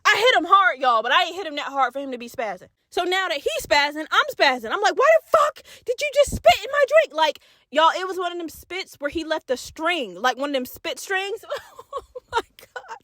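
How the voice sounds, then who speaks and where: A young woman hosting a podcast, telling a story in a loud, profane, animated casual way straight to her listeners. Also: extremely high pitch, brisk, dry recording, studio quality. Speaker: podcast host. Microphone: podcast mic.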